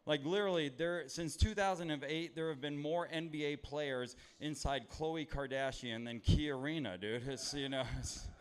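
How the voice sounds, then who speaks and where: A man's voice: fairly high pitch, normal speed, hardly any pauses. A man in his thirties from Los Angeles doing stand-up comedy on a club stage, rambling, swearing and poking fun at himself while working the crowd. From Los Angeles, USA. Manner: rambling, profane, self-deprecating.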